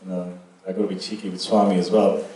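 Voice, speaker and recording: Middle-aged guy telling cheeky stories, low mellow voice, roomy and distant. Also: little pitch movement, fast talker. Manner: cheeky, chuckling anecdotes. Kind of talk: casual storytelling. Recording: echoey room, distant mic.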